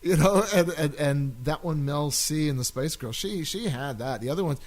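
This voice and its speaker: A man's voice: fairly high pitch, normal speed, rough recording. A man co-hosting a casual chat podcast, rambling and laughing often as he talks. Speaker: podcast co-host.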